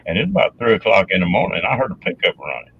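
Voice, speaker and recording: A man telling a story in casual chat, with a drawling, gravelly way of talking. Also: low voice, huge pitch swings, fast, slight background noise. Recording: dull lo-fi sound.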